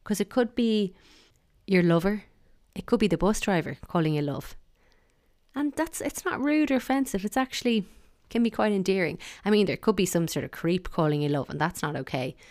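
A woman's voice: medium pitch, moderate pace, darkish tone, no echo, studio quality. An Irish woman talking casually and wryly, giving her opinions in a chatty monologue.

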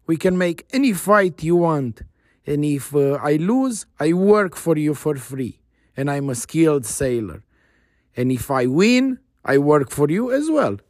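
A man's voice: on the high side, sing-song, a little slow, darkish tone, no room sound, clean studio sound. A man voicing a bold young male sailor hero in a spoken story, eager and confident.

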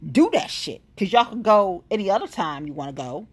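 A woman's voice: mid-range voice, big pitch swings, fairly quick, breathy edge. A woman talking casually to camera in a blunt, profane, heated and exasperated rant about protests and her plans. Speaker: activist vlogger.

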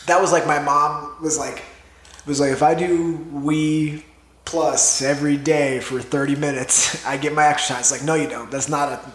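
In an echoey room, a man co-hosting a casual podcast speaks in an unhurried, high-ish voice. He's an animated storyteller who swears a lot and acts out what other people said.

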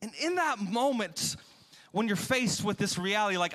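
A man's voice: sits high, lively intonation, normal speed, a bit bright. A male pastor preaching a sermon, retelling a Bible story dramatically and acting out the quotes.

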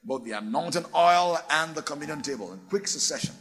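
Male pastor, sermon; gravelly, theatrical, swings high and low. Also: brisk. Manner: animated, theatrical, acting out little voices.

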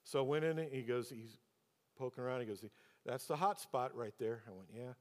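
A man's voice: medium pitch, a little fast, darkish tone. A man preaching as a pastor, telling a personal story and then pressing the congregation with rhetorical questions. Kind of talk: sermon. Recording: long hall reverb.

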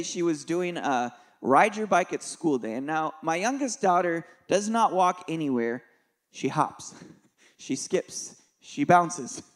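A middle-aged man preaching a sermon in a church, telling a personal story in a conversational, joking way. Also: on the high side. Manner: conversational and joking, with soft dips for emphasis. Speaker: pastor.

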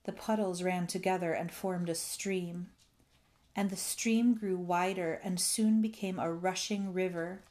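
Slow, gentle woman storyteller. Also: fairly low pitch, steady tone. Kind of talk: scripted narration.

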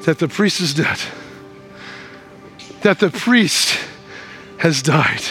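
A man preaching a sermon in church, swinging from hushed, slow lines to loud, acted-out shouts. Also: fairly high pitch, animated, soft background music. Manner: acts out scenes in the voices of people in the story. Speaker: pastor.

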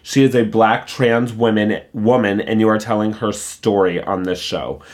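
A man's voice: on the low side, fairly even intonation, normal speed, darkish tone. A man who reads a gossip article aloud, then gives his candid, opinionated take in a casual, conversational way. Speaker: pop culture commentator.

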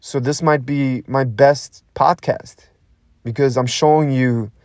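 A young man hosting a podcast, talking in a raw, intense monologue that swears a lot, repeats itself and pauses to breathe. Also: mid-range voice, steady tone, a little mellow, no echo. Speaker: podcast host.

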